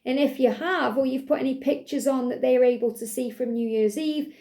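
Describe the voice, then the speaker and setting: A woman giving a channeled tarot love reading, gentle and reassuring, repeating herself with many "you know" fillers. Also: high voice, fairly quick. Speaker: tarot card reader.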